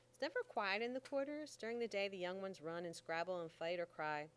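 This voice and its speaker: A woman narrating an audiobook in the first person, with a steady storytelling style in folksy dialect. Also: mid-range voice, brisk, few pauses, clean tone.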